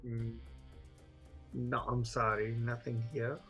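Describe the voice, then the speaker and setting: A man's voice: mid-range voice, little pitch movement, takes it slowly, highs cut off, soft background music. Man putting on a curt estate gate guard. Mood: evasive.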